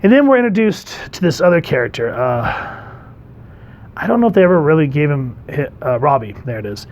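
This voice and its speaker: A man casually reviewing a comic book, animated and acting out the characters' lines in quick voices. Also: a little high.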